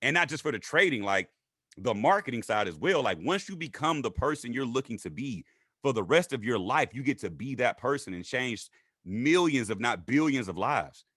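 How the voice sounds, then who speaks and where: A man telling his story in a casual interview, animated and acting out what others said in raised voices. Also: moderate pace, no echo, clean studio sound. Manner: animated, acts out quotes in high voices. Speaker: guest.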